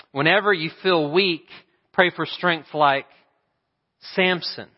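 A man's voice: fairly high pitch, moderate pace, slightly rough, in a large hall, muffled recording. A male pastor preaching a sermon, telling a story in a conversational way and putting questions to the congregation. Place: church sanctuary.

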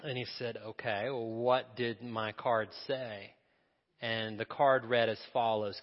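Pastor preaching in a reverberant hall. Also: male voice, medium pitch, fairly even intonation, slow pace. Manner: storytelling, conversational, asks the congregation questions. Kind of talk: sermon. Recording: dull sound with long hall reverb.

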